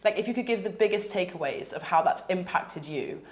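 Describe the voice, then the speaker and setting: A young woman in her twenties hosting a casual interview, bubbly and expressive as she chats. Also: fairly low pitch. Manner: bubbly, expressive, quick to laugh. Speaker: host. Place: indoors, seated at a table decorating biscuits.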